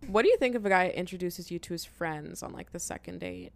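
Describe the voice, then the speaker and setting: A woman's voice: fairly low pitch, a little fast, creaky. A young woman co-hosting a podcast in casual chat about dating, blunt and sarcastic and swearing freely. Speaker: podcast co-host.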